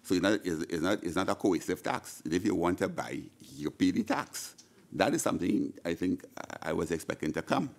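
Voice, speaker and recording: Deep-voiced and creaky, with lively intonation at a normal speed, this middle-aged Trinidadian man addresses the senate chamber. Using a desk microphone and a Trinidadian accent, he delivers an impassioned budget speech, often repeating words and beginning again.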